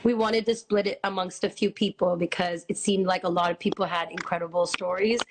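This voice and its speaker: A woman hosting a charity livestream, speaking warmly and emotionally to a guest on a video call. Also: on the low side, steady tone, brisk, low-quality recording. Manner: warm, emotional, encouraging. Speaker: livestream host.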